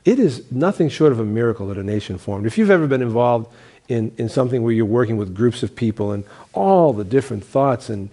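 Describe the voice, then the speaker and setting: A man's voice: medium pitch, animated, fairly quick, warm tone. A middle-aged man, a pastor, teaching a Bible college class in a sermon style, emphatic and repetitive, firing off rhetorical questions and stumbling over restarts. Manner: emphatic, repeats key phrases, asks rhetorical questions.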